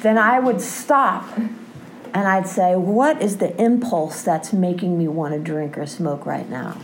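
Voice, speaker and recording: Her recovery story comes through a low-quality recording with slight background noise, in a voice on the low side, darkish and a little slow. Earnest and impassioned, she often pauses to ask "right?"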